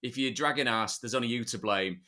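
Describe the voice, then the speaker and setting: A man's voice: medium pitch, a little fast, pushed and bright. A man co-hosting a motorcycling podcast who talks in an enthusiastic way, full of long rambling asides. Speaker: podcast co-host. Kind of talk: casual podcast chat.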